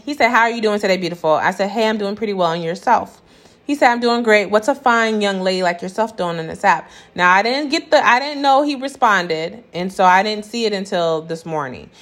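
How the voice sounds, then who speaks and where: A young woman telling a dating-app story to her viewers in a blunt, sassy, profane way, reading out the text messages as she goes. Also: medium pitch. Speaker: vlogger. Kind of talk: casual storytelling rant.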